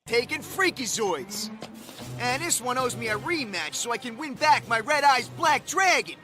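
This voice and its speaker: A brash, hot-headed young tough from a cartoon dub, pitched very high and pushy. Loud music plays under him throughout. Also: male voice, big pitch swings, normal speed. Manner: brash, protective. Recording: played over loud music.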